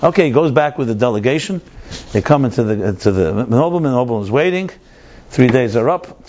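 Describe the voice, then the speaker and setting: A man's voice: mid-range voice, expressive, a little fast, a little mellow. A man, a rabbi, telling a story in a conversational, digressive lecture. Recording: dull lo-fi lecture recording.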